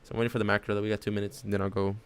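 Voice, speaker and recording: A man with a lowish, smooth voice races along in a level tone as he live-streams his day trading from his home desk, his dog on his lap. He chats casually, thinking aloud about chart levels and often throwing in "honestly" and "man."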